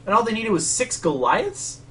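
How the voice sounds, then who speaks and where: A man's voice: high-pitched, sing-song, moderate pace, fairly bright tone. Rambling man on a distant mic. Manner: rambling, with many fillers. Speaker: podcast co-host. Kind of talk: casual chat between matches. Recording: distant mic with faint ambience.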